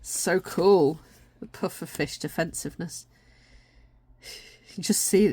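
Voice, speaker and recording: Lady rambling gently about cards, kinda tired and yawny, lowish voice, dry close sound. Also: measured pace, long pauses, husky, no echo. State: tired, yawning. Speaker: tarot and oracle deck reviewer. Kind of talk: casual deck walkthrough.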